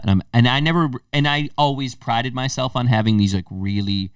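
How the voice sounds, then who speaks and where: A man's voice: mid-range voice, brisk, clear, resonant tone, no echo, clean studio sound, distant mic. A man co-hosting a podcast, chatting casually and telling loose, profane stories. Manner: loose, storytelling, swearing freely. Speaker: podcast co-host. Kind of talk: casual chat.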